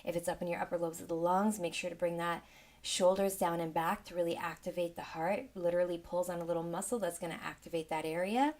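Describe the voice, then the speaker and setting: A woman leading a guided sound healing meditation with gentle, soothing, unhurried guidance. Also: lowish voice, steady tone. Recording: roomy with a long reverb tail.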